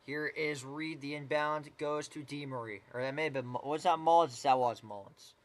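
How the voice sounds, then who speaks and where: A man's voice: fairly high pitch, steady tone, normal speed. A man doing casual live play-by-play commentary of a basketball game, with chatty asides and mild swearing.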